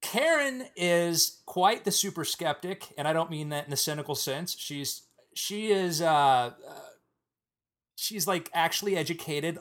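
A man with a slightly high voice hosts a podcast, rambling through introductions with stops and restarts. He laughs a lot and keeps the talk loose and casual. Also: a bit bright. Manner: rambling, halting, laughs often. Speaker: podcast host.

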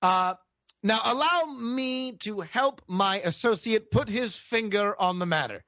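A man's voice: high voice, lively intonation, a little slow, bright, forceful tone, no room sound, studio quality, exaggerated voice. A man playing a pompous detective with a put-on British accent, formal and long-winded, full of hesitant "uh"s. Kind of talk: improvised comedy role-play.

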